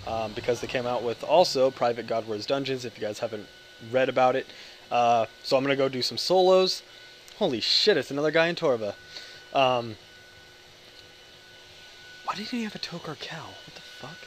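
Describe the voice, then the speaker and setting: A young American man in his twenties, talking in a hyper, rambling way over gameplay. He jokes, swears freely and keeps cutting himself off mid-thought, at a middling pitch for a man. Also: slight background noise. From United States. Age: 20s. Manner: hyper, joking, profane, self-interrupting. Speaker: gaming video creator.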